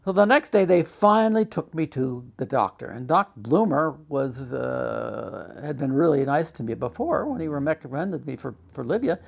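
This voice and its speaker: Gravelly older man telling his life story. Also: on the high side, expressive. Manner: halting, emotional, acts out old arguments loudly.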